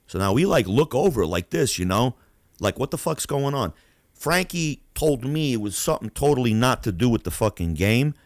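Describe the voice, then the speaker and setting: A man from Queens, hosting a podcast and telling stories in a profane, animated way. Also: mid-range voice, normal speed, no echo, clean studio sound. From Queens, New York. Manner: animated, profane, acts out voices. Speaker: podcast host. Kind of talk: casual storytelling.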